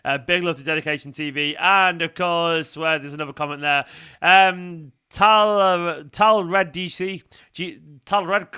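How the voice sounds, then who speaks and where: Brief: male host in his 30s, bright and slightly high, animated live-stream fan chat. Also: a little slow, clean tone. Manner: animated, swears freely, reads out viewer comments.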